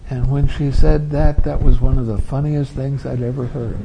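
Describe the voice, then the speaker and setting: A man giving a meditation talk, gentle and amused, who acts out his students' complaints. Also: mid-range voice, normal speed, creaky, slight background noise, low-quality recording. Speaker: meditation teacher. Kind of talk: dharma talk.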